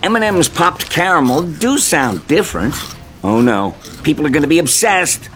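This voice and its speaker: This is a nervous talking candy from an animated ad. The voice is raised and swings wildly in pitch. It is fretful and suspicious, over a faint noisy background. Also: male voice, moderate pace. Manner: worried, suspicious.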